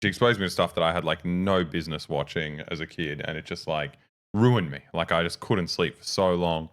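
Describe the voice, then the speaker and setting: A man's voice: low-pitched, fairly quick. A young man on a casual podcast, telling a story with animation and plenty of swearing. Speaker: co-host.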